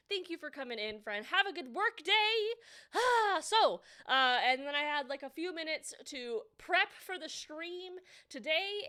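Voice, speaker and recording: A bubbly woman streamer with a high, slightly nasal voice and a bright, sharp edge, chatting casually with her viewers. She greets each chatter by name in easy, playful back-and-forth. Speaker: livestreamer. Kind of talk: casual livestream chat.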